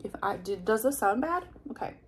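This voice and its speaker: A woman's voice: a little high, very animated, moderate pace. A woman telling a personal story in a confessional vlog, candid and heated, full of fillers and blunt swearing. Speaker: vlogger.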